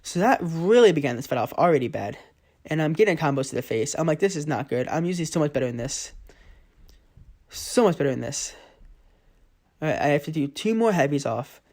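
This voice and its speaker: A man's voice: on the high side, expressive, fairly quick, a little mellow. A man giving casual play-by-play commentary over his own mobile game footage, often exasperated. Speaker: gaming channel host.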